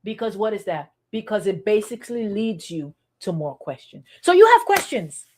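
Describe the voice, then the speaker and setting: A woman's voice: medium pitch, huge pitch swings, normal speed, a little mellow, slight background noise. A woman pastor giving a sermon in a conversational, repetitive, playfully sarcastic way.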